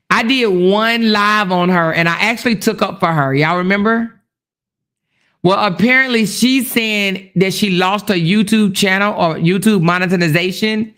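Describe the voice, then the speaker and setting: A woman's voice: medium pitch, moderate pace, fairly bright tone. A woman hosting a casual livestream commentary, chatty, laughing often and reading comments aloud. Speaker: commentary host.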